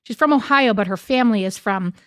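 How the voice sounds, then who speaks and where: A woman's voice: medium pitch, fairly quick, fairly bright tone, dry recording, clean studio sound. A woman podcast host from upstate New York with that region's accent, direct, chatty and joking. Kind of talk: casual podcast chat.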